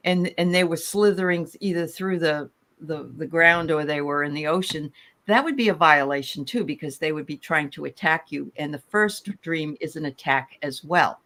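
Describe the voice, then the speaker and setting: A woman's voice: sits low, normal speed. A woman hosting a live group dream reading, chatting freely and reading out viewers' dreams. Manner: chatty, warm interjections and fillers.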